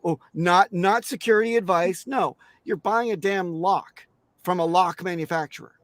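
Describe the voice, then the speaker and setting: A man's voice: high-pitched, moderate pace, a bit bright, dry recording, clean studio sound. A man speaking as a guest on a crypto interview show, emphatic and blunt, swearing casually and restarting his sentences often.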